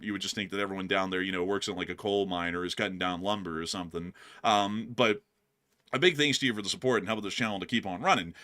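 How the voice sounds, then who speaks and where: A man's voice: lowish voice, pushed and bright. A man from the US South with a light Southern accent, hosting a news channel and answering viewer comments in a rambling, conversational way. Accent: light Southern American. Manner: rambling, conversational, addresses "folks" and "y'all". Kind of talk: casual talk reading viewer comments.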